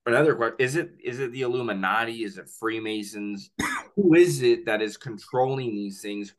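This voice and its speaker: A man hosting a podcast in casual chat, swearing freely and telling stories animatedly. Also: medium pitch. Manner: profane, animated storyteller. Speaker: podcast host.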